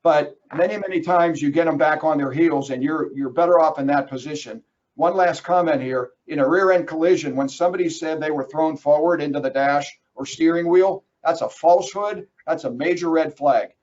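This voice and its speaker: A man's voice: on the high side, moderate pace, a little mellow, dull audio. A man giving a webinar presentation, emphatic and direct, talking straight to his listeners. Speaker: webinar presenter on trucking risk.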